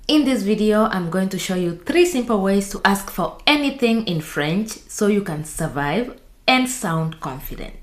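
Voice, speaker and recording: A woman teaching a beginners' language lesson, speaking slowly and repeating each phrase for practice. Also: fairly low pitch. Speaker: French teacher. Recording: echoey room.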